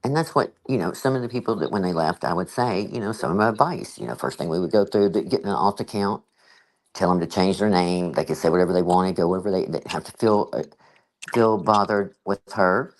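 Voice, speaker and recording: A woman's voice: very deep voice, fairly quick, darkish tone, low-quality recording. A woman hosting a casual livestream chat, telling a story with animation and acting out the conversations she quotes. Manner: frequent "you know" fillers. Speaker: channel host.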